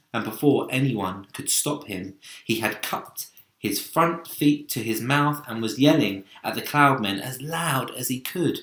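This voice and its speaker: Teacher guy reading a kids book out loud, slow and lively, roomy echo. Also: fairly low pitch. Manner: slow, expressive storytelling. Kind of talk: reading a children's book aloud.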